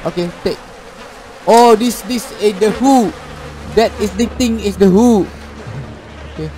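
A man with a Malaysian accent giving casual horror game commentary, mixing English and Malay and breaking into frantic shouting when chased. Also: sits high, unhurried, pauses often, slight background noise, rough recording. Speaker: gaming channel host.

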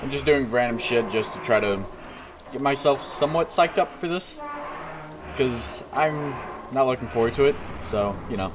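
A man's voice: medium pitch, normal speed, noisy background. A man hosting a let's play of a horror game, with jittery, profane, self-mocking commentary. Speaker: gaming video host.

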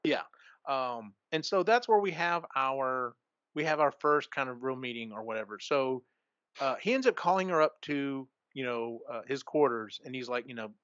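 A man's voice: medium pitch, expressive, normal speed, fairly bright tone, smooth, no echo. A man hosting a podcast, casually retelling a book's plot in a rambling way full of fillers and restarts. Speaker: podcast host. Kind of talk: casual book discussion. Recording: dull lo-fi recording.

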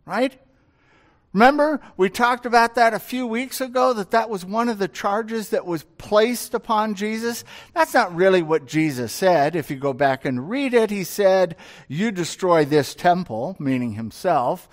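A male pastor delivers a sermon in a high, light voice. He takes his time and lets each point land slowly. He often turns to the congregation with rhetorical questions. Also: animated. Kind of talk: expository sermon.

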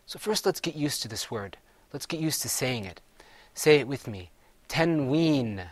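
A man's voice: mid-range voice, lively intonation, normal speed, breathy edge. A man teaching Quran recitation, patiently having his students repeat words after him. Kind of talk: classroom recitation lesson.

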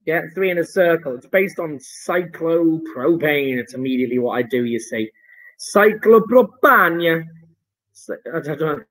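Playful higher-voiced male chemistry teacher. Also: moderate pace, few pauses, poor audio. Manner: playful, jokey asides while explaining. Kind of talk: online homework review lesson.

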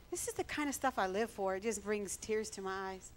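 Animated woman pastor. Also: medium pitch, fairly quick, hardly any pauses, slight background noise. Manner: animated, laughing, emphatic. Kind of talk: casual church talk.

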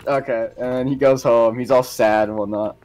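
A man's voice: medium pitch, steady tone, moderate pace, darkish tone. A young man co-hosting a casual recap while gaming, telling the story in a loose, laid-back way full of slang. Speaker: co-host.

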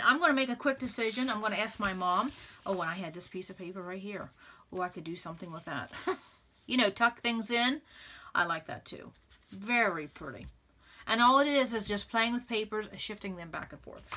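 A woman hosting a scrapbooking video, chatting excitedly and thinking aloud as she arranges papers, laughing often. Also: medium pitch. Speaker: scrapbooking channel host. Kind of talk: casual crafting tutorial chat.

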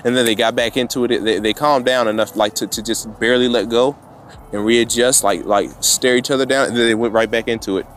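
A man telling a story to camera outdoors with his dogs, getting animated and worked up as he retells it. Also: mid-range voice, a little fast, slight background noise. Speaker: vlogger and dog trainer.

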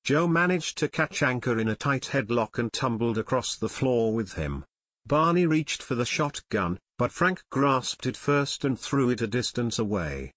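A male audiobook narrator reads a scripted story in a steady, measured way, his voice at mid pitch. The recording is dry and close-miked, with no room sound.

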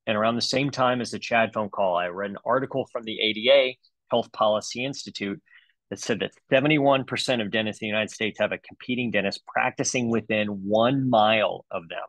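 A man's voice: fairly low pitch, fairly bright tone, dry recording, low-quality recording. A man in his forties, a dentist, giving a comedic webinar talk with playful, exaggerated storytelling. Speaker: dentist presenter.

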